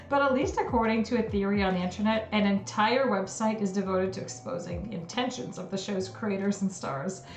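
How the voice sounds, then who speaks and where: Streamer type: chatty, giggly woman, mid-pitch, roomy room with faint music under her. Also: moderate pace. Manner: giggly, chatty, reacts with frequent laughter. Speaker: livestream host. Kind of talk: casual livestream chat reading conspiracy theories.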